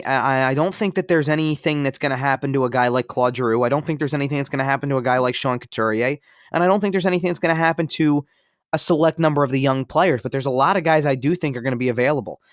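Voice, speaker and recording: A man co-hosting a sports podcast, talking at a mid pitch in a loose, rambling way. He circles back on his phrases and leans on filler words. His voice sits dry and close to the mic. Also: no room sound. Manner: rambling, repeats phrases, many "you know" fillers. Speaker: podcast co-host. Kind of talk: casual sports talk.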